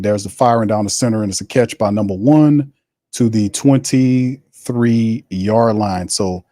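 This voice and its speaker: A man's voice: lowish voice, warm tone, dry recording, studio quality. A man hosting a live football watch party, calling the plays, reading viewer messages and trash-talking. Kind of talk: live play-by-play and chat reading.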